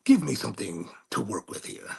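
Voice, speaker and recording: A man's voice: fairly low pitch, wildly swooping pitch, a little fast, vocal fry, mellow, husky. A man hosting his own show, telling a rambling, snarky story with many restarts. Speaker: host. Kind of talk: casual monologue.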